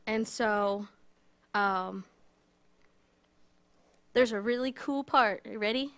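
A woman's voice: mid-range voice, takes it slowly, pauses often. Chatty woman teaching a Bible story. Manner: chatty, animated, many fillers. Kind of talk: casual Bible storytelling lesson.

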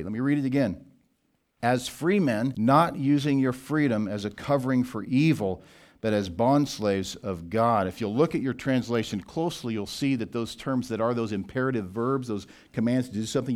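A pastor giving an expository sermon in a deliberate teaching manner, slowing down to read scripture. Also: male voice, lowish voice.

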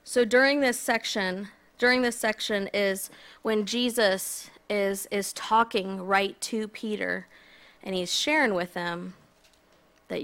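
A woman's voice: medium pitch, takes it slowly, a bit bright. A woman filling in as preacher, giving a casual, conversational sermon with self-deprecating asides. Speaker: guest preacher.

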